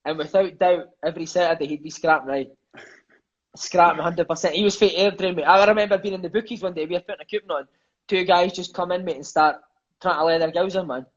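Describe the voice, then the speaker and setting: Fast-talking Scottish man, husky and lo-fi. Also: sits high. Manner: lively, swears freely, peppers speech with "mate" and "eh". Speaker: guest, former footballer. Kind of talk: casual storytelling chat.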